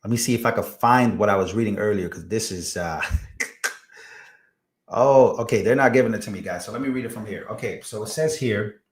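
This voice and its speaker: A man's voice: fairly low pitch, brisk, slight background noise. A man with a Hispanic accent hosting a casual political livestream, chatting with his viewers, laughing at himself and tripping over long words. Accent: Hispanic-accented English.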